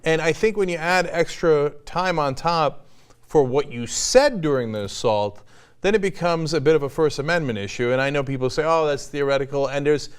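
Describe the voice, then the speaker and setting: A man's voice: on the high side, moderate pace, clean tone. A middle-aged man hosting an online news show, arguing his opinions bluntly and swearing casually. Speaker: news commentary host.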